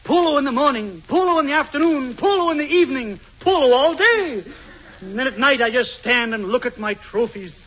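A shy youth turned mock-suave playboy. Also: male voice, very high-pitched, animated, brisk, a bit bright, lo-fi sound, exaggerated voice. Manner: mock-grand, self-satisfied. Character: shy young man posing as suave playboy. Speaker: comedy lead. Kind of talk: 1940s radio comedy acting. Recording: scratchy 1940s radio broadcast.

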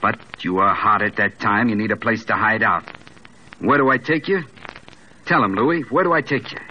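A hard-bitten small-time gangster in a vintage radio play, his voice low, curt and deadpan, full of slang. The old broadcast is muffled, with a faint hiss underneath. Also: normal speed. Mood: gruff. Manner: slangy tough-guy talk, curt and deadpan. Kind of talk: 1940s radio acting.

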